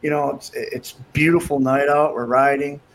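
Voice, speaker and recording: With slight background noise behind him, a podcast guest with a fairly high voice spins a story at a moderate pace. He chats casually and brings the tale to life by acting out the things people said.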